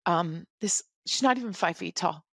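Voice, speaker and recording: A middle-aged woman telling a personal story as a podcast guest, in an earnest, halting, reflective way. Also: fairly low pitch, creaky, no room sound, studio quality.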